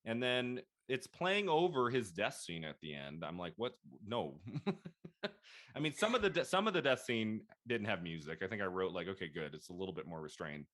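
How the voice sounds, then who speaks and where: Male host in his thirties, bright and slightly low voice, chatty, laughs a lot, casual film-talk energy. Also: normal speed. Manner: chatty, laughs often, animated quoting of himself. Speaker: podcast host.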